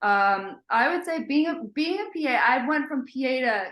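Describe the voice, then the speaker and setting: A woman guest in a casual podcast chat, telling a story with many small pauses and fillers. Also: high voice, lively intonation, a bit bright, reverberant.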